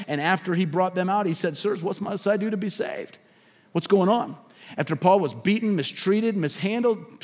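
A man preaching a sermon as pastor in a church, building up to loud emphatic lines and dropping to a hush. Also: sits high. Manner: preaching with swelling emphasis and sudden drops to a hush. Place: church sanctuary. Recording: long hall reverb.

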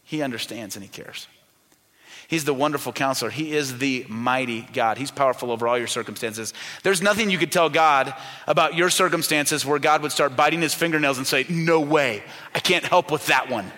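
A man preaching a sermon in a church, talking with the congregation and asking them questions, dropping his voice soft when he quotes the people in his stories. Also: mid-range voice, fairly quick. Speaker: pastor. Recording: long reverb of a large church hall.

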